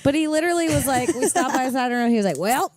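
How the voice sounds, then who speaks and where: A woman's voice: high-pitched, rapid-fire, darkish tone. A woman in her thirties, co-hosting a casual chat, emotional and self-mocking, laughing through tears. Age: 30s. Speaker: podcast co-host.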